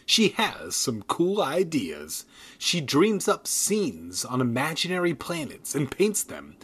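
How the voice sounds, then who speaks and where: A man's voice: fairly high pitch, a bit bright, breathy edge. A man reading a children's book aloud and breaking off into crude, irreverent comic asides. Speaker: comedic reader. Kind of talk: comedic book reading with riffs. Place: San Diego.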